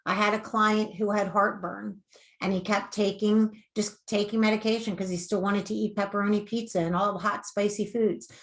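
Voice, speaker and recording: A woman coach giving earnest, animated advice in a conversational interview. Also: medium pitch, normal speed. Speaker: weight-loss coach.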